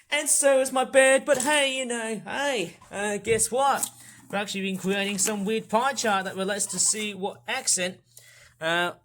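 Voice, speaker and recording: A man with an Australian accent talks in a high voice through a casual home vlog while he does chores. He rambles, circles back to the same points and keeps the tone upbeat and chatty. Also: fairly bright tone, a little hiss or hum. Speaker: vlogger. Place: his own house, indoors.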